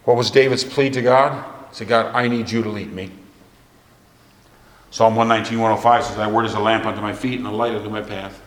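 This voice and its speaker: A man's voice: lowish voice, little pitch movement, fast talker. A man preaching a sermon, telling stories and quoting scripture, sometimes dropping his voice to a near whisper. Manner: storytelling, drops to a near whisper at times. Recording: echoey hall with long reverb.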